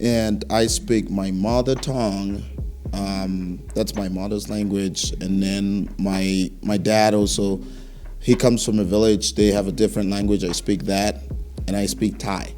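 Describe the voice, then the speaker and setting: A man from Cameroon, a fashion business owner talking as a guest in a casual interview, friendly and measured with some hesitation. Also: fairly low pitch, little pitch movement, warm tone. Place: local talk show studio.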